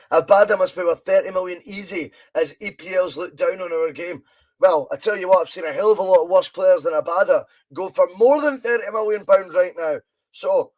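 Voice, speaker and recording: A Scottish man hosting a live football watch-along podcast, chatting in a rambling way and reading viewer comments aloud. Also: sits high. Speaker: podcast host.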